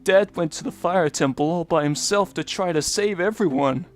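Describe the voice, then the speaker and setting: Man doing a little Goron boy, video game, soft gentle crying voice, scared but eager, faint game music. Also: high-pitched, normal speed, close to an everyday voice. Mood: tearful.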